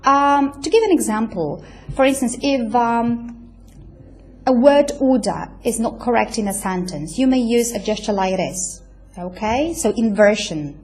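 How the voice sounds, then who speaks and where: A woman delivers a recorded university lecture. Her voice sits a little high, and she talks unhurriedly, padding her points with fillers and checking in with her listeners as she goes. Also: animated, darkish tone. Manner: explains slowly with many fillers, checks with "right?".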